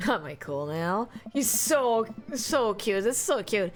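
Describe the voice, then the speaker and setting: A woman streamer playing a game live, reading its dialogue aloud and commenting with animated laughter, loud outbursts and swearing. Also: medium pitch, slow pace, over music.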